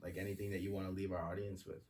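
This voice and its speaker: Laid-back swearing podcast co-host. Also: male voice, deep voice, monotone, racing, darkish tone. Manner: laid-back, swears often, laughs easily. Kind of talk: casual chat. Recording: distant mic with faint noise.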